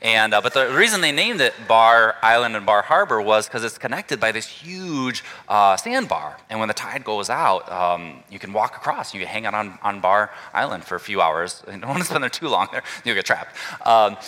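Lively pastor in a big echoey church. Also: male voice, on the low side, normal speed, few pauses. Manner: conversational, inviting the congregation to call out. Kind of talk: sermon. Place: church sanctuary.

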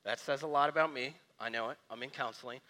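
A man preaching a sermon, telling stories with lively energy and dropping to quiet, soft reflection. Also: mid-range voice, fast talker. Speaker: pastor.

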